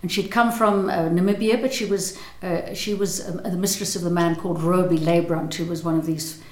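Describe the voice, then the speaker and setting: A woman's voice: lowish voice, steady tone, a little fast, darkish tone, reverberant. An older South African woman with a South African accent, an actress speaking in an interview, thoughtful and hesitant with frequent restarts.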